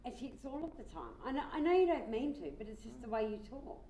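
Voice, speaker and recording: In a mediation role-play, a woman plays a frustrated coworker, blunt and exasperated as she lays out her grievance. Her fairly high, dark-toned voice is very animated and fast, recorded in a roomy space with faint crowd sounds and noise.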